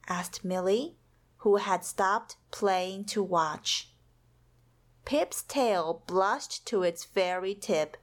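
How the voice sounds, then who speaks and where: A woman reading a children's storybook aloud with an expressive, soothing delivery. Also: medium pitch, takes it slowly. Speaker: storybook reader.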